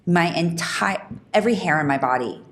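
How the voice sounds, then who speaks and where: A woman hosting a podcast, telling a personal story in an animated, emphatic way, with quick restarts. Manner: animated, fast talking with frequent restarts; emphatic, rising pitch when indignant. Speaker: podcast host.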